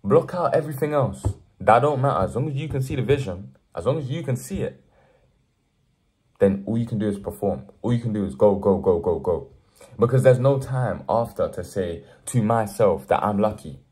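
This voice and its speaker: Talking straight into the lens, this young motivational vlogger has a medium-pitched, somewhat mellow voice with lively intonation and a normal speed. He earnestly champions hard work, rising into emphatic bursts.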